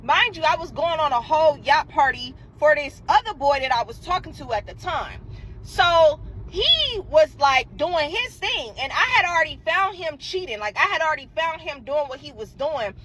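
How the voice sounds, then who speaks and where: Young woman, high voice, very lively, bright, swearing, casual storytelling. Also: normal speed, rough recording. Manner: animated and profane, acting out quotes. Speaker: guest telling a dating story.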